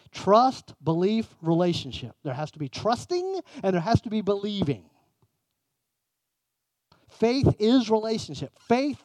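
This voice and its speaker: A man with a notably high voice delivers a sermon as pastor. He drives his points with emphatic lifts, then drops to hushed, intimate phrasing. The sound is dry and close. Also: no room sound. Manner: emphatic, swings between raised and hushed delivery.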